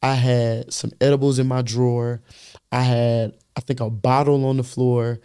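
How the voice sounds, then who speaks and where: A young man speaks with a mellow, warm tone at a middle pitch, telling his testimony in a relaxed podcast conversation. He is earnest and animated, acts out the voices of people in his story, and circles back over repeated words while he gathers his thoughts. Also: moderate pace, clear, resonant tone. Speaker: guest, youth pastor and worship leader.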